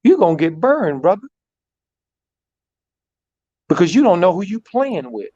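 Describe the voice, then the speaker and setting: A man, a basketball coach, telling a long story in an animated way, repeating words and using many fillers. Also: high-pitched, a little slow. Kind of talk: storytelling in a talk show. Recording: dull lo-fi sound.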